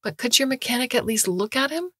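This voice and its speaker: A woman's voice: fairly high pitch, animated, quick pace, a bit bright, husky, no room sound, studio quality, voice pushed up. A woman voicing a young female student who speaks in an earnest, pleading way.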